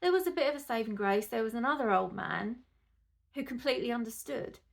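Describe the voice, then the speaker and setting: A woman's voice: fairly high pitch, expressive, a little fast, gravelly. A woman, a mother, chatting to camera in a rambling, casual way that turns indignant. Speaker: mother vlogger.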